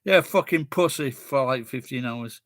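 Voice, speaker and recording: A man's voice: medium pitch, normal speed, a bit bright, no echo, studio quality. A middle-aged man with a Sheffield accent, rambling in casual chat with friends and swearing bluntly. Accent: Sheffield English. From Sheffield, England.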